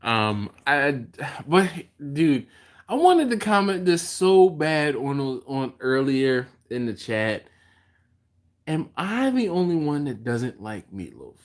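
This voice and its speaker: A man from Philadelphia hosting a casual barbecue livestream, reading out viewer comments and chatting back to them. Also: slow. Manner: animated, jumps in pitch when quoting others. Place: home, live stream.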